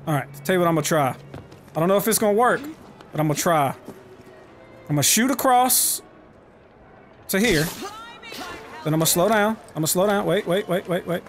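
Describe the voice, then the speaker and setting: An excitable man narrating his gameplay in a high, very lively voice, swearing freely and yelling at the game. Faint game music plays under him. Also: fairly quick, pauses often. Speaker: let's play host. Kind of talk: gameplay commentary.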